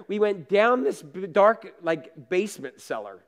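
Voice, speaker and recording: A man preaching with a high-pitched voice, who turns his sermon into lively family stories and acts out every scene. He keeps checking in with the congregation through casual asides and laughs at his own jokes. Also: a little slow. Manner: animated storyteller, acts out scenes and laughs at himself. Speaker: pastor.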